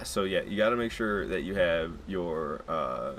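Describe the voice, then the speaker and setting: A man streaming a game with casual live commentary, getting excitable and jumping up high when surprised. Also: unhurried, noisy background.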